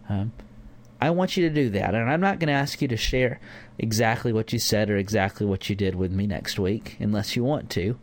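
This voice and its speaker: A man's voice: on the low side, fairly quick. Man giving a casual Bible lesson. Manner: informal, with fillers and acted-out examples. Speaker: church teacher.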